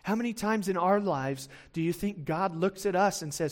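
A man's voice: sits high, normal speed. A man preaching a sermon in a conversational way, checking in with his listeners and repeating words as he goes.

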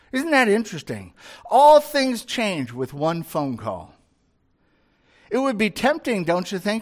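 A man preaching a sermon, reading scripture aloud and then explaining it in a conversational way with rhetorical questions. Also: high-pitched. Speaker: pastor.

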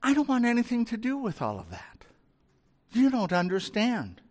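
A man's voice: extremely high pitch, wildly swooping pitch, normal speed, pitched above the performer's own voice, exaggerated voice. A man voicing a principled prophet who refuses rewards, in the middle of a sermon. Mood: firm. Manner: firm, dismissive of rewards. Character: unimpressed, principled male prophet.

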